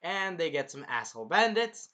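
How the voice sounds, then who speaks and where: A man hosting a casual anime review, rambling and animated, swearing freely as he recaps an episode. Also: a little high, moderate pace. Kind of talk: casual chat.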